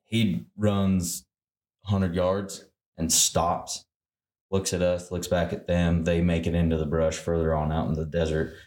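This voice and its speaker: Low-voiced hunting guide in a roomy echo. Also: male voice, unhurried. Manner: animated, acts out his own quoted lines. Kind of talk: casual storytelling.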